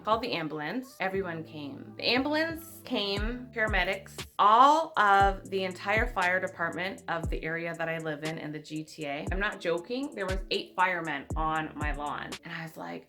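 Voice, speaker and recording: A woman's voice: lowish voice, lively intonation, normal speed, hardly any pauses, pushed and bright, faint music behind. A woman, telling a personal story in a vlog and acting out other people's lines. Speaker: vlogger.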